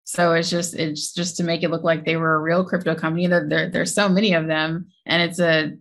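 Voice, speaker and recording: Chatty laughing woman, low voice. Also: little pitch movement, brisk. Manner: chatty, laughs often, self-correcting. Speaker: podcast co-host. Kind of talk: casual tech chat.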